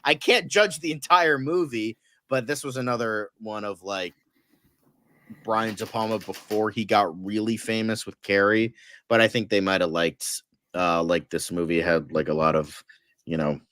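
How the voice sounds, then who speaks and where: A man's voice: lowish voice, normal speed, a bit bright, no echo, clean studio sound. A man chatting casually about horror movies as podcast co-host, rambling with lots of fillers and swearing freely.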